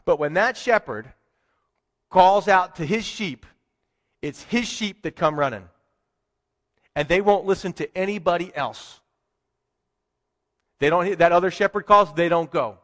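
A man preaches a sermon in a high, ringing voice, talking to his congregation conversationally and with emphasis. He often asks questions of his listeners. His voice trails off into the long reverb of a large hall. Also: unhurried, pauses often, fairly bright tone. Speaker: pastor.

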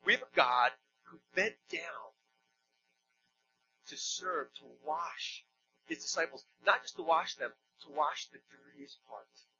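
Male pastor, bright and sharp-toned, chatty sermon with humorous asides; slightly dull recording with faint hum. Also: on the high side, lively intonation, a little slow, long pauses. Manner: conversational, joking asides, emphatic storytelling. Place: church.

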